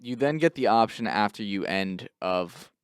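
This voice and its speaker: A man's voice: on the low side, lively intonation, normal speed, smooth, dry recording, clean studio sound. A man co-hosting a podcast in casual chat, laid-back and blunt, laughing often. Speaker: podcast co-host.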